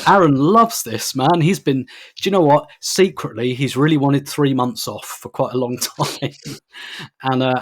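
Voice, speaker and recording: A man co-hosting a casual podcast, talking at length with frequent laughs and restarts. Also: mid-range voice. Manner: rambling, laughs often, many restarts. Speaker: podcast co-host.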